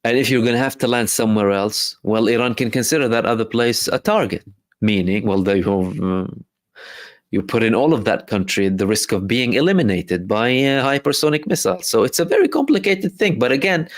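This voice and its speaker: A man's voice: mid-range voice, lively intonation, moderate pace, no room sound. Man explaining in a dry close voice. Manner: explanatory, many fillers and restarts. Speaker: live stream host answering viewer questions. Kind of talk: casual live commentary reading chat questions.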